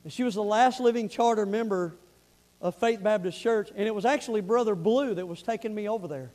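A pastor with a Southern accent preaching a sermon, emphatic, moving between loud urgent appeals and quiet earnest asides. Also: male voice, high voice, a little fast.

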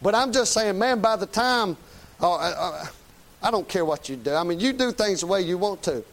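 A middle-aged man, preaching a folksy, plain-spoken, emphatic sermon. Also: sits high. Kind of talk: conversational sermon.

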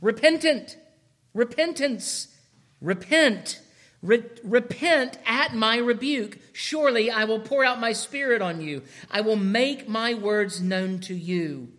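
High-voiced, slow-preaching man pastor. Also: animated. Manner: emphatic preaching, swinging from hushed to shouted, with rhetorical questions. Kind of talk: sermon.

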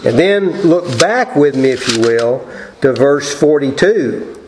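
A man preaching a Sunday morning sermon and reading scripture aloud in a slow, deliberate way. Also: mid-range voice, expressive, darkish tone, echoey room, low-quality recording. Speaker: pastor.

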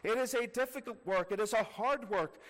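Man, earnest sermon, high voice, long hall reverb, repeats phrases. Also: a little fast. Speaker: preacher.

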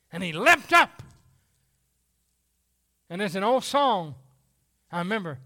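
A man preaching a sermon as pastor, folksy and animated, acting out little voices as he goes. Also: high voice, a little slow, pauses often.

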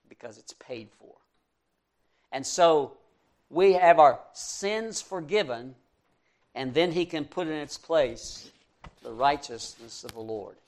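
A man preaching a sermon as pastor, earnest and slowing to stress key words, then leading a prayer. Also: on the high side.

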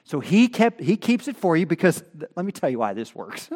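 A man preaching a sermon at a church, moving from quiet teaching to loud emphatic peaks, with chatty asides. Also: fairly high pitch, big pitch swings, fairly quick. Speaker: pastor. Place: church sanctuary. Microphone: stand microphone.

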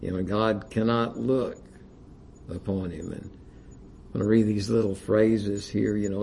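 A man's voice: lowish voice, steady tone, measured pace, gravelly, dark tone, a little hiss or hum. A man preaching a sermon, reading King James scripture aloud with rising emphasis and using frequent "you know" fillers.

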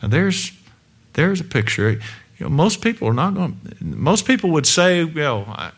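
In a church room, a male preacher delivers an emphatic sermon to his congregation, full of rhetorical questions and swinging between loud and hushed. His voice is a little high, sing-song and slightly rough, at a moderate pace.

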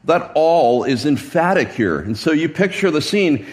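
A man's voice: fairly high pitch, sing-song, unhurried, few pauses. A male pastor preaching a sermon in a church, conversational and emphatic, often asking rhetorical questions.

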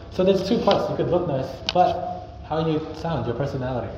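A man's voice: on the high side, normal speed. A young man preaching a sermon in an earnest, conversational way, now and then acting out sample greetings. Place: church hall. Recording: echoey, dull hall recording with noise.

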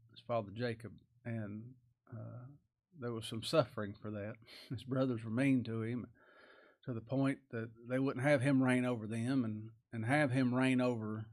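Folksy preacher man. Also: mid-range voice. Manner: folksy preaching with rising emphatic bursts and chuckles. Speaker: pastor. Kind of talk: sermon.

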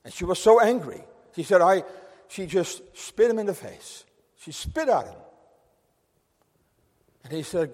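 A male preacher gives an earnest sermon in a slightly raised pitch, very animated yet measured in pace, with frequent pauses. His emphatic delivery swings between loud stress, where he pushes key phrases hard, and a drop to near quiet. His words trail off into the long reverb of a church sanctuary.

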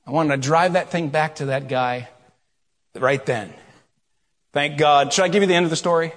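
A middle-aged man preaching a sermon, telling a story with quiet asides and loud, rising questions. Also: a little high, moderate pace, pauses often. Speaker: pastor. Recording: long hall reverb.

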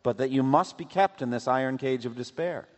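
A man voicing an earnest pilgrim who asks quiet, quick questions. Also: mid-range voice, natural voice. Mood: earnest questioning. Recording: long hall reverb.

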